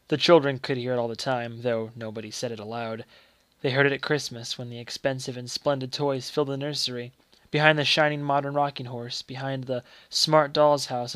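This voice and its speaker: A man giving a steady, measured storybook narration. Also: medium pitch, no room sound. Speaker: reader.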